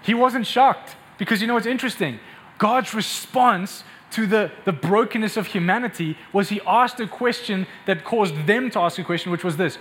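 A man's voice: high voice, moderate pace. A man preaching a sermon with passion, often repeating words as he builds up. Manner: impassioned, repeats words when excited.

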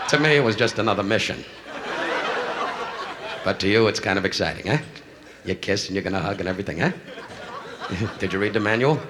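A man's voice: fairly low pitch, animated, normal speed, long pauses, a crowd in the background. A man doing live insult comedy, brashly heckling people in the audience. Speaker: stand-up comedian. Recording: noisy 1960s live club recording. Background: audience laughter.

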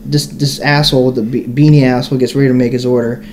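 A man's voice: medium pitch, little pitch movement, quick pace, a little mellow, faint music behind. A young man co-hosting a podcast, telling a long story in a casual, profane, rambling way full of fillers. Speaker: podcast co-host.

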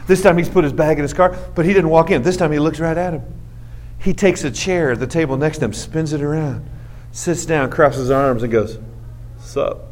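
Animated man telling a sermon story. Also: on the high side, brisk. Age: 40s. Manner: animated, acts out scenes with comic self-mockery. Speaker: youth speaker.

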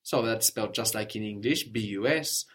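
A man's voice: lowish voice, normal speed, fairly bright tone. Patient male language teacher. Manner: patient, explanatory, prompts the learner with questions. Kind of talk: spoken language lesson.

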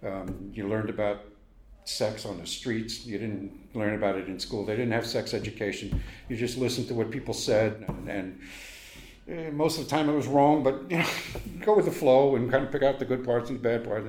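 This older man from Brooklyn, New York has a low, darkish voice, recorded with a roomy sound. Looking back on his youth in an oral history interview, he tells stories, mimics quoted voices, and chuckles.

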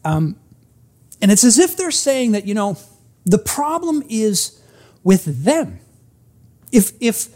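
Pastor preaching, earnest and emphatic, pitch going up and down a lot, slows way down on key words. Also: very animated, a little mellow. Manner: earnest, emphatic, acts out stories; frequent restarts, slows for emphasis. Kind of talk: sermon.

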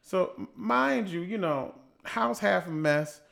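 A man's voice: high-pitched, lively intonation, slow, gravelly, a bit bright. A man co-hosting a podcast, telling his side of a story casually with playful, teasing asides into a podcast mic. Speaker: podcast co-host. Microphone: podcast microphone.

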